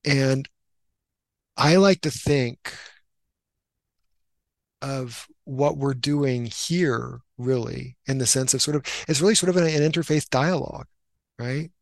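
Gravelly man telling a reflective story. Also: medium pitch, no echo. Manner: earnest, slowing down for emphasis. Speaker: guest, Christian minister and writer.

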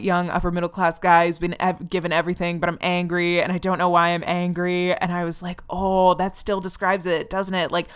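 Sarcastic woman in her 30s ranting on her podcast, lowish smooth voice. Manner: animated, sarcastic, mocking put-on voices for quotes. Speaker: podcast host. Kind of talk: casual solo commentary.

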